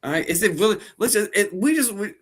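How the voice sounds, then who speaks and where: A man's voice: high voice, lively intonation, fast, breathy edge. A man co-hosting a podcast, rambling casually with lots of fillers and restarts. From New Jersey. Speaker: podcast co-host. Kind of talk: casual chat.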